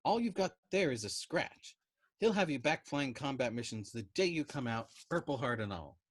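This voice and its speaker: A man's voice: mid-range voice, animated, moderate pace, pitched above the performer's own voice, natural voice. A man voicing a frightened young male bomber pilot who pleads with an intense, urgent manner. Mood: pleading.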